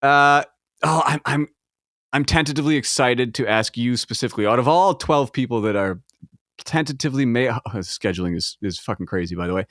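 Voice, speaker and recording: A man's voice: medium pitch, brisk, a bit bright, no echo, clean studio sound. A man from the American Midwest hosting a podcast, asking questions in a playful, jokey way and acting out quotes. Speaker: podcast host. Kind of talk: casual interview chat.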